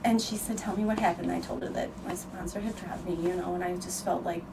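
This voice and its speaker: A woman's voice: lowish voice, fairly even intonation, quick pace, vocal fry. Distant-sounding woman telling an earnest story. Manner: emotional, earnest, frank with occasional swearing. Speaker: podcast host. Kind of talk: candid conversational storytelling. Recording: distant mic with noticeable background noise.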